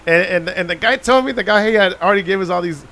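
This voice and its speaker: A man chatting on a radio show, telling an animated story, acting out the people in it and dropping in Spanish phrases. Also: high-pitched, quick pace, gravelly, a little hiss or hum. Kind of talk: casual storytelling chat. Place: radio studio.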